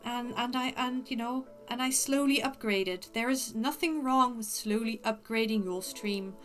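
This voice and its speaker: A woman's voice: a little high, a little slow, fairly bright tone, soft background music. A woman putting on a prim posh lady. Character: prim posh upper-class lady, proper and composed. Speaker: livestreamer.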